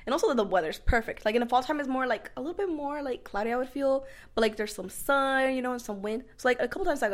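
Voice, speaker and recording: A woman's voice: sits high, quick pace. A woman co-hosting a casual podcast chat, talking freely, full of "like" and swearing. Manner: chatty, swears a lot, fills with "like". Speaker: podcast co-host.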